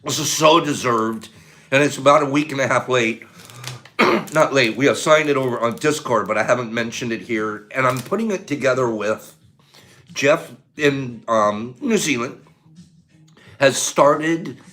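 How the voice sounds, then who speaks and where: A man's voice: mid-range voice, a little slow, sharp tone. A man hosting a casual livestream, talking straight to his viewers and gushing with praise, laughing often as he goes. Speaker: livestream host.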